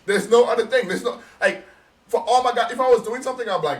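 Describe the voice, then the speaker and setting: A man holds forth on a casual podcast, animated and emphatic, swearing freely as he makes his point. His voice sits a little high for a man. He sounds a bit back from the microphone. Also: fast talker, far from the mic. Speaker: podcast co-host.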